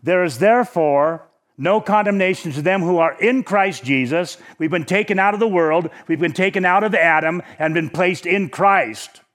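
Man preaching with slow emphatic stresses. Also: sits high, fairly bright tone. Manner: emphatic, slows down to stress key words. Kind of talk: sermon.

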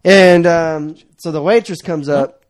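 A man's voice: fairly high pitch, unhurried. A young man telling a story in casual chat, swearing often, laughing and acting out what people said. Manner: profane, laughing, acts out quotes.

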